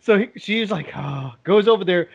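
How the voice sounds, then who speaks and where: A man's voice: high-pitched, normal speed, highs cut off. A man chatting casually, often laughing as he tells family stories. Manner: laughs through his stories. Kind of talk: casual chat.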